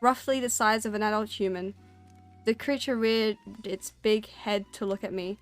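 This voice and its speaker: A woman's voice: medium pitch, fairly even intonation, normal speed, faint music behind. A woman streamer reading a spooky story aloud and chatting with her audience. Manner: storytelling, then chatty and self-conscious.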